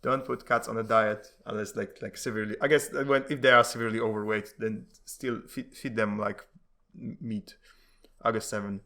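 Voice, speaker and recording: A man casually reading comic strips aloud, giving the characters quick voices and breaking off into rambling, laughing commentary. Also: lowish voice, sharp tone. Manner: reads dialogue with shifting voices, laughs often, rambling asides.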